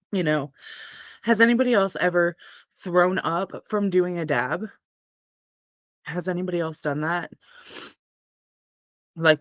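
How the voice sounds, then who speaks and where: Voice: mid-range voice, a bit bright. A young adult streamer chats to viewers in a loose, laid-back, rambling manner, talking casually and at length. The voice sits in a middle range and is caught close on a dry mic with no room echo. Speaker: cannabis livestream host. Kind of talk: casual livestream chat.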